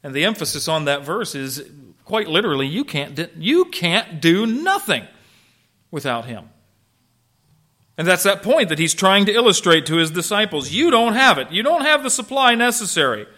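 A pastor with a high, bright voice preaches a sermon a little fast, in an animated, conversational style. He poses questions to his listeners and answers them himself, swinging between loud, punchy emphasis and soft, hushed asides.

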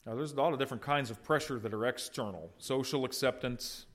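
A man preaching an expository sermon, swinging from loud emphatic peaks to soft low endings, with conversational asides to the congregation. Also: fast talker. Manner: conversational, teases congregants by name. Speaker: pastor.

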